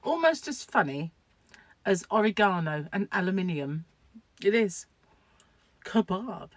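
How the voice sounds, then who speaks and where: A woman's voice: mid-range voice, sing-song, normal speed, no room sound. A woman chatting casually to camera at home, rambling and laughing at her own asides. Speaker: crochet vlogger.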